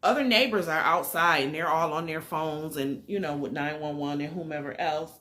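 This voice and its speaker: Lower-voiced woman telling a story with animation. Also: moderate pace. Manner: animated, emphatic storytelling with fillers. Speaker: vlogger telling a personal story. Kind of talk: casual storytime.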